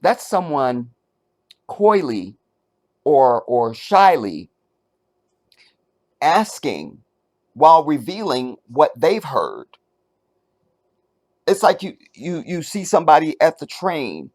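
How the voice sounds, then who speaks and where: A man hosting his own commentary channel, talking in a casual, animated way and checking that the viewer is following. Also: a little high, slow, pauses often. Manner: animated, talks straight to the viewer, asks if they follow; searches for words, many restarts and fillers.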